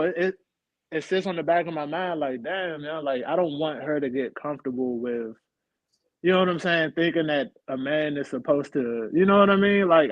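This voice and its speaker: A young adult man with a fairly high voice talks candidly and loosely, with slang, as a guest on a podcast panel's casual chat. The recording has no room sound but is dull and muffled.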